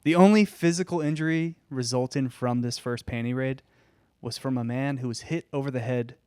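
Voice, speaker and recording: A man hosting a podcast, reading history notes aloud in a casual chat with dry, deadpan asides. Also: medium pitch, normal speed, smooth, no room sound. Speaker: podcast host.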